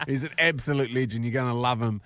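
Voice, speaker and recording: A man's voice: mid-range voice, quick pace, a bit bright, no room sound. A man, co-hosting a podcast, joking and teasing with some swearing. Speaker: podcast co-host. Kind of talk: casual podcast chat.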